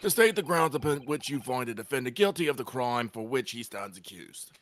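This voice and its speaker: A man voicing a pompous British judge in a video game, making loud formal pronouncements. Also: mid-range voice, expressive, brisk, close to an everyday voice.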